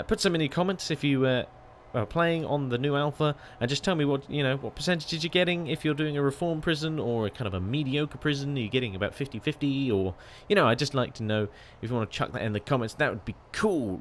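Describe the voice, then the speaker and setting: A man's voice: mid-range voice, slight background noise. Chatty man commentating a game. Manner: chatty and self-deprecating, often exclaiming. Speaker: gaming channel host.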